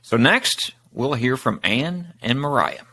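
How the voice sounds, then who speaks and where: A man hosting an interview show, friendly and relaxed, with some filler words. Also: mid-range voice, slow. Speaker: podcast host. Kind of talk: casual interview.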